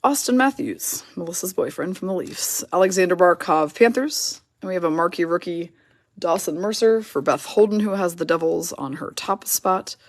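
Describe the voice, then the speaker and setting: A woman hosting a live card break, her voice a bit lower than most. She works through player names and teams in quick lists and chats with viewers between cards. The sound is dry and close, with no room echo. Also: animated.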